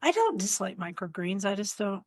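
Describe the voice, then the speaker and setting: A woman from Oklahoma co-hosting a casual gardening podcast, relaxed and responsive with soft asides. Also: mid-range voice, normal speed. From Oklahoma, USA. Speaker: podcast co-host.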